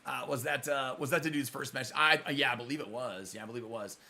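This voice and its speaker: A man's voice: medium pitch, gravelly, fairly bright tone. A middle-aged man hosting a live gaming stream, chatting with viewers he calls brother, blunt and profane when answering trolls, close to his microphone. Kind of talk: live stream chat while playing.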